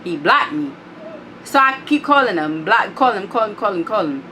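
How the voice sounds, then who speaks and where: A woman's voice: medium pitch, very animated, normal speed, pushed and bright, slight background noise. A young woman telling a story in casual vlog style, blunt and profane, acting out the other people's lines as she quotes them.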